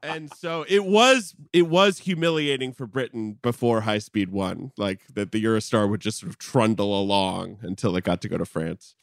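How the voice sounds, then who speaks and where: A man's voice: on the low side, normal speed, vocal fry, few pauses, no room sound, studio quality. A man, a podcast guest, explaining something in casual chat, stammering and restarting as he goes.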